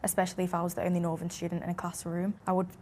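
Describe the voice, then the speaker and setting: A woman's voice: lowish voice, completely flat delivery, rapid-fire, darkish tone, a little hiss or hum. A young woman with a Manchester accent speaking reflectively in an interview. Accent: Mancunian. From Northern England. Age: young adult.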